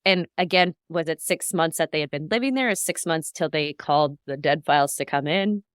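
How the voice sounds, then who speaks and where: Low-voiced woman co-hosting a podcast. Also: fairly quick, smooth, dry recording, studio quality. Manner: rambling, recounts notes at length. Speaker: podcast co-host. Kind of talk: casual podcast chat.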